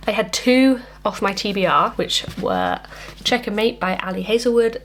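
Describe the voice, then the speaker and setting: A woman's voice: medium pitch, a little hiss or hum. A woman talking casually at home in a reading vlog, chatty and enthusiastic, rambling with fillers. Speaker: book vlogger.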